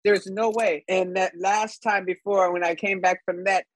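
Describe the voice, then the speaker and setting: Frank, animated woman in her sixties. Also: mid-range voice, normal speed, no room sound, poor audio. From Los Angeles. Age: 60s. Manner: animated, frank, laughs often. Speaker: guest. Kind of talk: candid storytelling.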